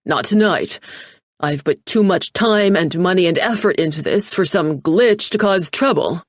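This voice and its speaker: A woman voicing an arrogant, impatient male tech mogul who talks loud and dismissive. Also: on the low side, a little slow, no room sound, clean studio sound. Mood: curt.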